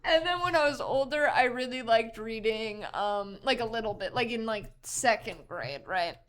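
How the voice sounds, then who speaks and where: A young woman from Canada co-hosting a podcast, telling animated stories with swearing and laughter in casual chat. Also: a little high, normal speed. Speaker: podcast co-host.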